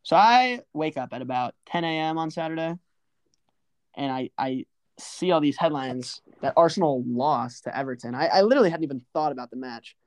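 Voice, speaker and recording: A man's voice: on the high side, lively intonation, brisk, no room sound. A young man co-hosting a podcast, chatting casually about sports in a joking, self-deprecating way. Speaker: podcast co-host.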